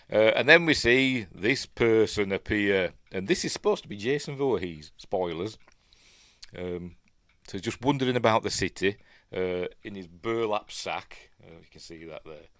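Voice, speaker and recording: Yorkshire male host, low voice, chatty and self-mocking, casual livestream commentary. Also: a bit bright, no echo, studio quality. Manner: rambling, self-deprecating and chatty. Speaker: film review host.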